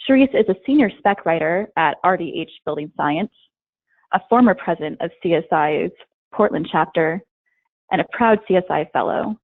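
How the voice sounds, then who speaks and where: A woman's voice: on the low side, animated, moderate pace, no echo, phone-quality sound. A woman hosting a webinar and reading out guest introductions in a friendly way. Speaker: webinar host.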